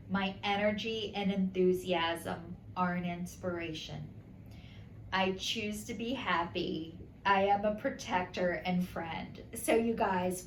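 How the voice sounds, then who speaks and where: A woman casually reading oracle cards aloud and talking to her viewers in a chatty, emotional way. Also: medium pitch. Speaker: oracle card reader. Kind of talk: casual spiritual card reading. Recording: roomy with faint ambient noise.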